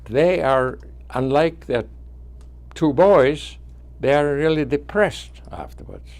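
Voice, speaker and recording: A man in his nineties with a foreign accent whose first language is not English, telling students about his life in a halting way, with frequent restarts. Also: on the high side, animated, a little mellow. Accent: foreign accent, origin not named. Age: 90s. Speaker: guest speaker.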